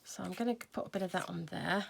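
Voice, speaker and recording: A woman's voice: on the low side, fast, vocal fry, background noise. A woman hosting a casual crafting tutorial, chatting and thinking aloud as she works. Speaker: craft video host.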